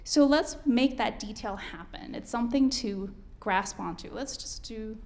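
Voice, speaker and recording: Slow-spoken woman coaching piano. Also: a little high, a little mellow. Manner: counts and sings rhythms aloud while coaching. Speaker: piano teacher. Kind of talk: masterclass coaching.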